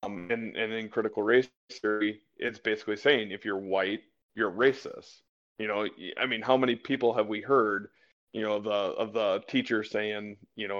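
A man co-hosts a casual political chat podcast, rambling with lots of fillers and restarts. His voice is on the low side, level, fairly bright, and moderately paced, captured in slightly dull lo-fi audio.

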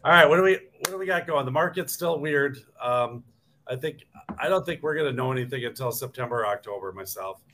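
A man's voice: mid-range voice, brisk, bright, forceful tone, a little hiss or hum. A man co-hosting a casual real estate talk, easygoing and telling stories. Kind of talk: casual chat.

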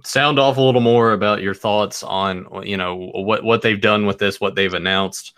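A man hosting a casual livestream, relaxed and friendly, addressing the chat. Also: lowish voice, moderate pace, clean tone, no echo, clean studio sound. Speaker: livestream host.

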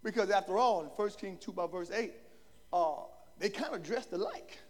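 A man preaching a sermon with emphatic delivery, often breaking into shouts. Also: high voice, animated, moderate pace. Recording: long hall reverb.

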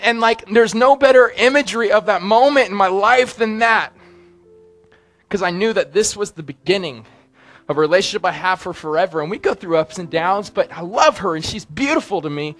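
A young man preaching a sermon in a casual, conversational way that turns animated and excitable. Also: high voice, a little fast.

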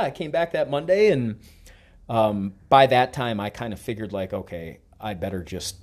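A middle-aged man tells a long story on his podcast. His delivery is casual and full of swearing, and he acts out each person's lines as he goes. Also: fairly low pitch. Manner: profane, animated storyteller who acts out quoted dialogue. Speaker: podcast host.

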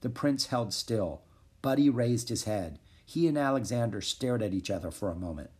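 A man narrating a children's chapter book aloud in an expressive storytelling manner. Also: mid-range voice, moderate pace, slightly rough. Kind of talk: children's audiobook reading.

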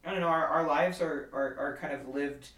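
A man's voice: a little high, normal speed, fairly bright tone. A man chatting casually on a podcast, rambling and hesitant with many fillers. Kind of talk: casual conversational chat. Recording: roomy sound from a distance off the mic.

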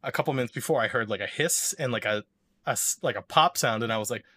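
Man host, casual rambling storyteller, bright tense voice, mid pitch. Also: fast talker. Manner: rambling, many fillers and restarts. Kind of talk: casual chat.

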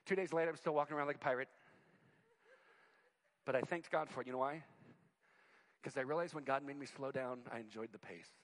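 A man in his forties preaching a sermon, telling personal stories in an animated, conversational way with self-deprecating humor. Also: mid-range voice, fairly quick, pauses often. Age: 40s. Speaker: pastor.

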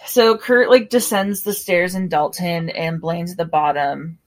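A woman co-hosting a podcast, recapping an episode in casual chat, animated and laughing often. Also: lowish voice, measured pace. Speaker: podcast co-host.

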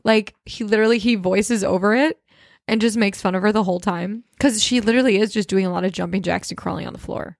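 Bubbly young woman with a gravelly edge. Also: medium pitch, fast, no room sound, studio quality. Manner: bubbly, gushing, laughs often. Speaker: podcast co-host. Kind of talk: casual chat.

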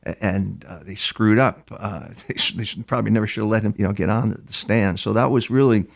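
An older man, a criminal profiler being interviewed, telling stories in a halting way, repeating words and acting out quoted dialogue. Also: lowish voice, vocal fry. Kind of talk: storytelling interview answers.

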